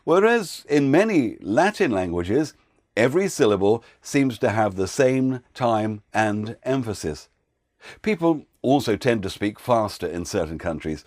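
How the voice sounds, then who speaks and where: A man who works as a voiceover coach, giving an instructional talk with clear, patient explanations. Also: mid-range voice, sing-song, unhurried, darkish tone, no room sound, studio quality.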